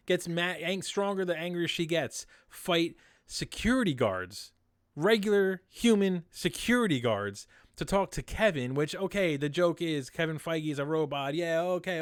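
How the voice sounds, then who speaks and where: A man's voice: fairly high pitch, clear, resonant tone, no room sound, studio quality. A man co-hosting a casual podcast, ranting in a heated, exasperated way. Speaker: podcast co-host.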